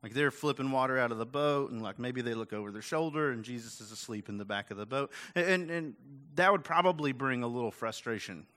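A male pastor delivers a chatty, conversational sermon packed with asides and rhetorical questions, his mid-range voice a little bright and brisk with hardly any pauses. He's casual and self-deprecating, dropping "like" and "right?" again and again.

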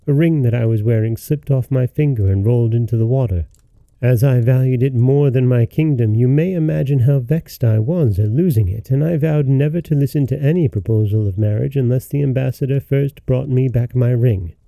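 A man voicing a proud young princess in a storybook reading, speaking firmly and stubbornly in his own gravelly voice. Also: medium pitch, dark tone, no room sound, close to an everyday voice.

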